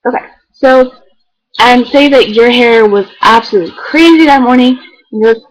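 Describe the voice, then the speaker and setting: A teenage girl who does beauty vlogs chats casually to the camera at a moderate pace. Her voice is a little high, she rambles and fills her talk with "like," and the audio quality is poor.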